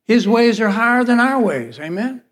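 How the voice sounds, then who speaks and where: A man's voice: extremely high pitch, very animated, normal speed, fairly bright tone. A pastor preaching a sermon, telling a personal testimony and acting out the dialogue in his stories. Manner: storytelling, acts out quoted dialogue. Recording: long reverb of a large hall.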